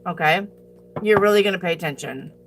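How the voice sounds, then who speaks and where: A woman's voice: fairly low pitch, brisk, noisy background. A woman reading tarot on a live stream, talking bluntly and profanely as she answers her chat and hands out tough advice.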